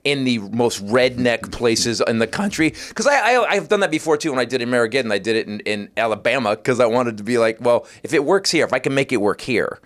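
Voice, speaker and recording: A middle-aged man, a comedian guest on a podcast, telling an animated, profane anecdote and acting out voices. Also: medium pitch, fairly quick, few pauses. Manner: lively, acts out voices in his anecdotes, swears freely.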